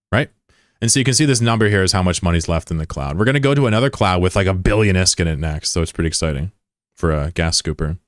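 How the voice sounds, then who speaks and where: A man's voice: lowish voice, clean tone, no room sound, clean studio sound. A man streaming a game in loose, joking chat, greeting and teasing viewers in slang. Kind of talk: casual live-stream chat, reading viewer messages.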